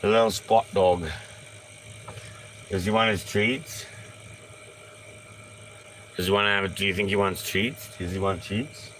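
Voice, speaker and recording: A man chats on a live stream in a slow, unhurried way, his voice bright and a bit low. He talks easily and now and then coos to his dog. A faint hiss of background noise sits under him. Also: fairly even intonation. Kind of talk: casual live-stream chat.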